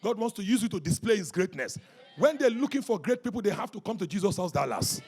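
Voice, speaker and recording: A pastor preaching a rousing sermon at a church service, calling out to the congregation and often shouting. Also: male voice, high-pitched, big pitch swings, fast talker, soft background music.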